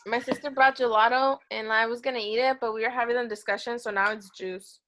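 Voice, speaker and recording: A woman's voice: on the high side, steady tone, fast talker, very noisy. A woman hosting a book club video call, chatty and dropping in Spanish phrases. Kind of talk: casual video call chat.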